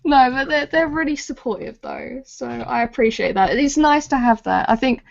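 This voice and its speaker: A woman's voice: sits high, normal speed, creaky, dry recording, highs cut off. A woman co-hosting a podcast as a comic artist, chatting casually while she draws, often laughing and restarting her sentences. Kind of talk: casual chat while drawing.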